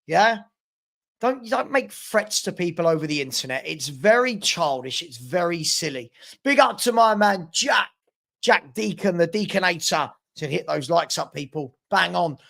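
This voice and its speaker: A man's voice: high-pitched, expressive, moderate pace, vocal fry, pushed and bright. A man from South London with a London accent, hosting a live football transfer show and bluntly telling off commenters in a repetitive, casual way.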